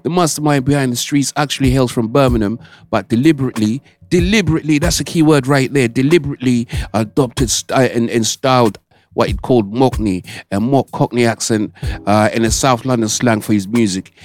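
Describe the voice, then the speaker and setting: A man's voice: medium pitch, a little fast, a little mellow. A man hosting a radio show, chatting casually and rambling, often repeating and correcting himself. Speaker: radio host.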